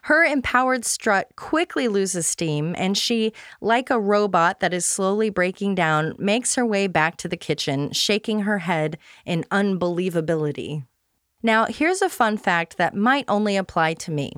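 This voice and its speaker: A woman's voice: medium pitch, expressive, a little slow, fairly bright tone, no room sound, clean studio sound. A woman podcast host reading a scripted scene recap aloud, with playful, self-deprecating humor.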